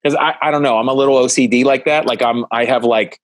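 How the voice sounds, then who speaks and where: Animated rambling comedian man. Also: mid-range voice, fast, no room sound. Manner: animated, rambling, many restarts. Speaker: guest, stand-up comedian. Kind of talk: casual podcast chat.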